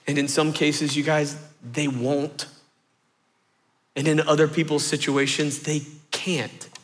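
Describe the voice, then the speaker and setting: A man in his thirties preaching a sermon, telling a story in lively fashion and repeating phrases for rhythm. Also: a little high, takes it slowly. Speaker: pastor.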